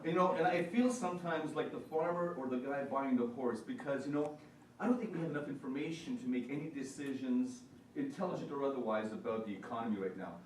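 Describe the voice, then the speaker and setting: A man's voice: mid-range voice, a little fast. Brief: man, earnest storytelling speaker, mid-range voice, recorded from far off in an echoing hall with faint room noise. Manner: storytelling, earnest, repeats himself for emphasis. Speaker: small business consultant speaking at a forum. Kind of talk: motivational speech to an audience. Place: meeting hall. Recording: echoey hall, mic far off, faint ambience.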